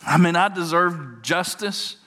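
A man preaching a sermon, animated and folksy, repeating words as he tells a story. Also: high-pitched, measured pace. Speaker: pastor. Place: church sanctuary. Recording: long hall reverb.

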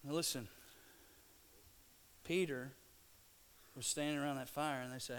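A man from Louisiana, preaching a sermon and swinging between hushed, slow passages and loud, excited bursts. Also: medium pitch, clear, resonant tone. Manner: dynamic, swings from hushed to shouting. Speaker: pastor.

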